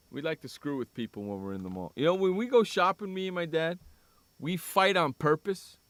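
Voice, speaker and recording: A fairly high-voiced man hosting a sports radio talk show. He teases his co-host in loose, joking chat and repeats himself for laughs. The sound is dry and close, with no room echo. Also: expressive, measured pace, pauses often, a bit bright. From San Diego. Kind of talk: casual chat.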